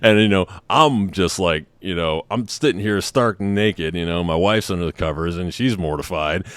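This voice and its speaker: Deep, smooth-voiced man telling a story. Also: moderate pace, dry recording. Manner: candid, joking, lots of filler asides. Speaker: podcast host. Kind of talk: casual storytelling.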